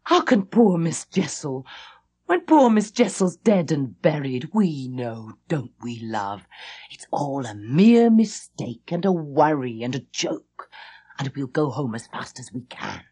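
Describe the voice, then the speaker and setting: A motherly old housekeeper in a storybook ghost tale, as a woman reader puts her on. She speaks in a coaxing, homely way, soothing and protective. Her pitch rises and falls freely as she talks. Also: very animated, slow, dark tone, slightly rough, heavily acted.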